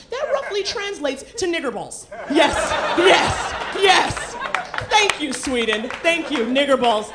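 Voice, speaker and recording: A woman doing a stand-up comedy set on a club stage, brash and animated, swearing freely. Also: high-pitched, measured pace, heavy background noise.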